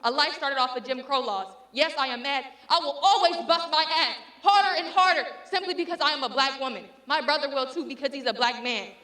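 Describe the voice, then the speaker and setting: A woman's voice: high-pitched, a little fast, few pauses, sharp tone, roomy sound. A woman performing a spoken word poem with a rhythmic, impassioned and defiant delivery. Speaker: student poet.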